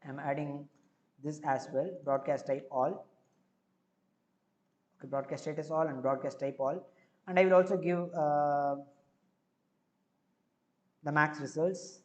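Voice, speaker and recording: A man's voice: a little high, steady tone, unhurried, pauses often. Indian man thinking aloud while coding. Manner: thinks aloud step by step, with frequent filler words. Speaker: live-coding streamer. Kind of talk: live coding tutorial.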